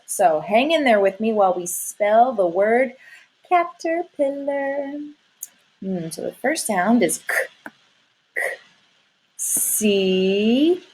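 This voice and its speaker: A woman's voice: mid-range voice, darkish tone, rough recording. A woman teacher leading a lesson for young children, sing-song and encouraging, stretching her words out.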